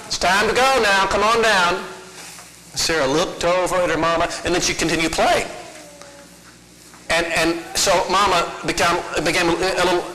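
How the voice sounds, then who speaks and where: A man's voice: a little high, pushed and bright, slight background noise. A middle-aged man preaching a sermon, telling folksy stories and asking rhetorical questions. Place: church sanctuary. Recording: echoey church hall.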